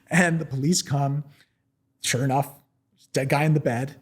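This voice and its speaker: An American man telling stories in a casual, animated way, full of fillers and restarts, and laughing often. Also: mid-range voice, measured pace, slightly rough. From United States. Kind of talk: casual anecdotal storytelling.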